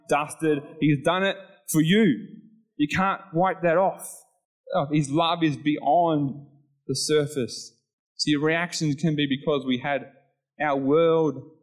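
A man's voice: a little high, low-quality recording. A middle-aged man preaching an informal sermon in a chatty way, acting out little scenes with sudden voice changes.

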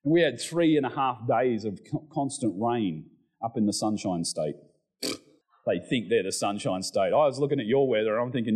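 Animated male preacher. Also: medium pitch, normal speed, husky. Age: middle-aged. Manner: animated, rising to excited exclamations, asides and self-deprecating humor. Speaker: pastor. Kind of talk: sermon.

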